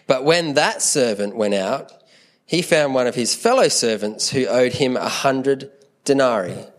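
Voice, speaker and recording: A man delivers a sermon in a medium-pitched voice. He sounds earnest and conversational, often restarting and repeating words as he works through his point. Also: measured pace. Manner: earnest, repeats words while thinking aloud. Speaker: preacher.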